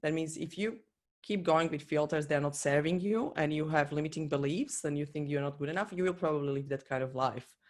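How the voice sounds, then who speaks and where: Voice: mid-range voice, a little fast. A coach giving an earnest, encouraging motivational talk in non-native English, speaking straight to the listener. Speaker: business and life coach.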